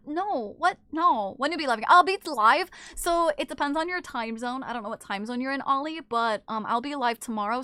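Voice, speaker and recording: Bright, high-voiced woman streamer chatting. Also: no echo. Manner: playful, teasing, swears a lot. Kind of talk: casual live-stream chat, reading chat aloud.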